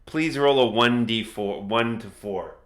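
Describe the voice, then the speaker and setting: A man narrating a tabletop game as game master, chatty, laughing easily and slowing down for dramatic moments. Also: mid-range voice.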